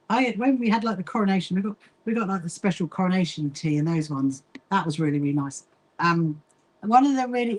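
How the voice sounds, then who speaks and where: A woman from the UK talks her way through a blanket stitch on her own sewing livestream. She is chatty and easygoing, reads out viewer comments as she goes, and breaks off now and then with quick asides while she works. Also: fairly low pitch, a little mellow. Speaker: livestream host. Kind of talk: casual chat while sewing.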